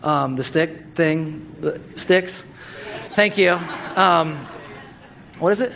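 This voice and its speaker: A middle-aged man giving a sermon, telling a story in a casual, animated way and acting out the quotes. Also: a little high, slow pace, vocal fry, some chatter behind, a little hiss or hum.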